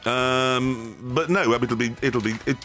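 A man's voice: mid-range voice, slow, a bit bright, faint music behind. A man in his fifties from Yorkshire, chatting as a radio guest in a jokey, rambling, self-deprecating way. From Yorkshire, England. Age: 50s. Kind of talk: casual radio chat.

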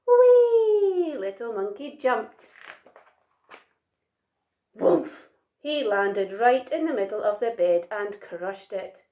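Expressive woman reading a storybook. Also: mid-range voice, unhurried, hardly any pauses. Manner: expressive, gentle. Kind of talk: reading a picture book aloud. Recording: roomy echo.

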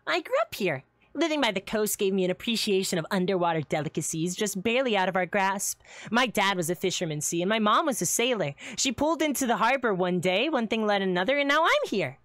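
A woman's voice: mid-range voice, lively intonation, fairly quick, a bit bright, dry recording, lightly acted. A woman voicing a quirky young woman who runs a seafood restaurant, giggly and playful in a live roleplay. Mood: cheerful. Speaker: restaurant owner character.

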